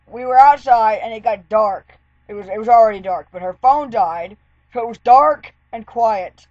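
A woman's voice: a little high, normal speed, a little mellow, no room sound, muffled recording. A woman vlogger telling a story in a casual, rambling way, with lots of "like". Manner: chatty, rambling, full of "like" fillers.

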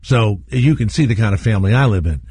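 A man hosting a talk radio show, rambling through candid stories and laughing at his own dark jokes. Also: lowish voice, expressive, fast talker, breathy edge. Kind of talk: storytelling talk radio chat. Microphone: studio microphone.

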